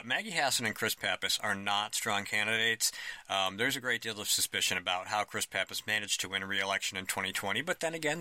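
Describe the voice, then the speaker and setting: A man's voice: on the low side, bright, forceful tone, no room sound. A man co-hosting a political talk show, speaking in an emphatic, opinionated way.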